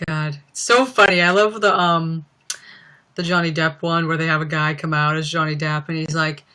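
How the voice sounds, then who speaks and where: A woman's voice: low voice, fairly even intonation, moderate pace, sharp tone, smooth. A young woman chatting casually on a livestream from home, giggling a lot and rambling with plenty of "like". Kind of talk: casual live-stream chat.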